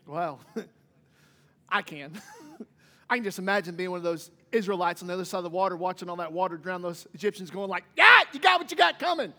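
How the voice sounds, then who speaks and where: Pastor guy preaching, really high voice, lively, acts out bits of the story, long church echo. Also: fairly quick, long pauses. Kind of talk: sermon. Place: church sanctuary.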